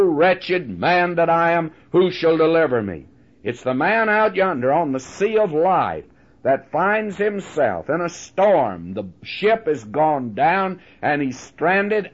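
An older man preaching a sermon in a folksy, earnest way, drawing on homely illustrations and addressing listeners as friends. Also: fairly high pitch. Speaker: radio Bible teacher. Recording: dull lo-fi recording.

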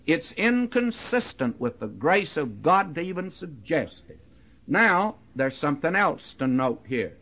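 Husky lively preacher on a dull recording. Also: male voice, a little high, a little slow. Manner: conversational, addresses listeners directly with "you see" and "my friend"; emphatic, leans into key words. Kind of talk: verse-by-verse Bible teaching sermon.

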